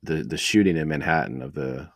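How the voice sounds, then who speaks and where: A man's voice: rumbling low, a little fast, vocal fry, no room sound. A man co-hosting a casual faith podcast, talking in a rambling way with many fillers and restarts. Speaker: podcast co-host.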